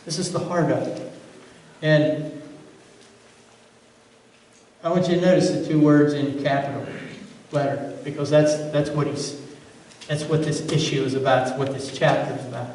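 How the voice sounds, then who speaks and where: A man's voice: on the high side, steady tone, normal speed, long pauses, darkish tone, a little hiss or hum. A man preaching a sermon as pastor, earnest, often repeating words as he builds a point. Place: church sanctuary. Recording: roomy church sound from far off.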